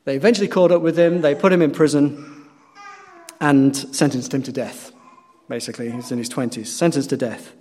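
A male pastor preaching a sermon, telling stories earnestly and swinging between loud emphatic peaks and quiet low passages. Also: fairly even intonation, normal speed. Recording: long hall reverb.

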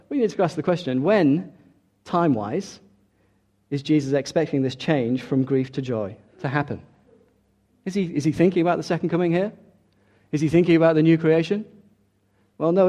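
A man preaching a sermon, emphatic, dropping soft and then rising loud for key points. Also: on the high side.

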